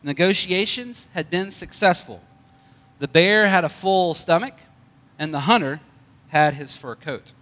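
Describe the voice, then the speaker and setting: A man's voice: sits high, measured pace, bright, forceful tone, long reverb tail. A male pastor preaching a conversational sermon with light jokes.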